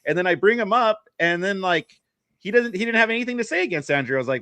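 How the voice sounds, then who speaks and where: A man talking fast in casual stream chat. His voice sits fairly high. The sound is dry and close. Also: lively intonation, bright, forceful tone, dry recording. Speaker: guest.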